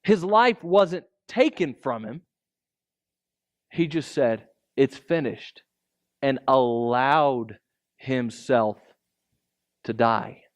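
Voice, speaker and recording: A male pastor preaching a sermon in a conversational way, peppering his points with rhetorical asides. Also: mid-range voice.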